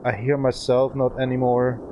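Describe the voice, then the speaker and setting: Drifting in a driving game on his livestream, this thirty-something German jokes around in halting, German-accented English. His medium-pitched voice is monotone with the highs cut off, picked up by a desk mic amid noisy car sounds.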